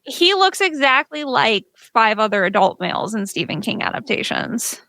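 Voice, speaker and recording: A woman's voice: fairly high pitch, big pitch swings, moderate pace, bright, forceful tone, dry recording. A woman co-hosting a casual film podcast, laughing a lot, blunt and joking. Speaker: podcast co-host. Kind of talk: casual chat about films.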